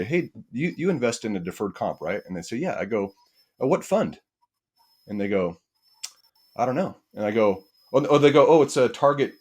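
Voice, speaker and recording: Male podcast guest, low voice, animated storyteller, plays both sides of conversations. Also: breathy edge. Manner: animated storyteller acting out quoted dialogue. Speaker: firefighter and real estate investor.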